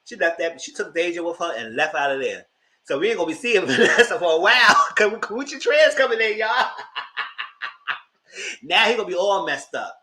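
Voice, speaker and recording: A man's voice: high-pitched, big pitch swings, normal speed, sharp tone. A man with hosting a casual live TV review, talking in slang, laughing often and acting out characters' lines. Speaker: host.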